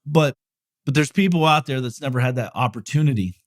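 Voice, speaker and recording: A man's voice: medium pitch, brisk, no room sound, studio quality. A middle-aged man hosting a podcast and answering listener questions in a casual motivational monologue. He is blunt and profane, and candid about his own feelings. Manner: blunt and profane, swearing freely; candid, openly emotional about personal matters.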